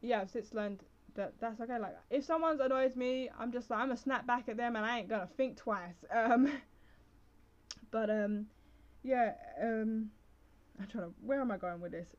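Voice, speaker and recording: A woman's voice: a little high, moderate pace, darkish tone. A young adult woman hosting a casual solo podcast, rambling with lots of fillers and restarts. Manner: rambling, full of fillers and self-interruptions. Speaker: podcast host. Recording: slightly dull lo-fi recording.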